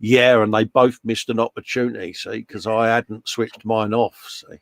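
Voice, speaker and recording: Gravelly man reading viewer comments. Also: on the low side, level tone, normal speed, dry recording. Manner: chatty, laughing, reads out viewer comments. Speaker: host. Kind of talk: casual chat. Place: home workshop.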